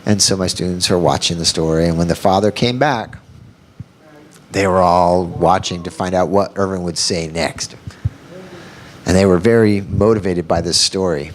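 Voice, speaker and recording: A man presents at a training workshop, telling a story in a lively way and acting out the dialogue himself. His voice sits fairly low, with a faint hum behind it. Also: normal speed. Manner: animated storyteller who acts out the dialogue.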